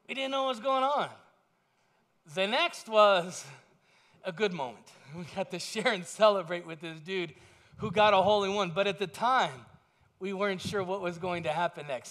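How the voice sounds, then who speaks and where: High-voiced male pastor preaching. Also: normal speed. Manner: storytelling, acts out shouted quotes. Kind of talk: sermon.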